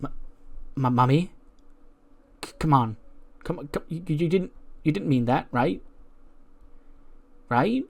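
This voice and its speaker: A man's voice: mid-range voice, steady tone, measured pace, close to an everyday voice. A man doing a clingy tearful young woman. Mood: pleading. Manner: timid, pleading, stammering.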